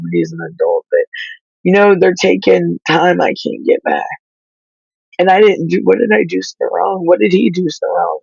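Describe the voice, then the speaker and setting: A woman whose child is in foster care, speaking through tears in halting, pleading talk that stops and restarts. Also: fairly low pitch, sing-song, gravelly, a little mellow, husky, no echo, dull audio. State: crying, tearful. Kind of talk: emotional livestream talk.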